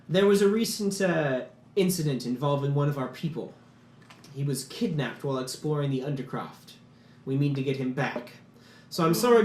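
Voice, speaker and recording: A man voicing a formal, imposing male city ruler who speaks in a measured, courteous way, in an echoey room. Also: a little high, a little mellow, close to an everyday voice.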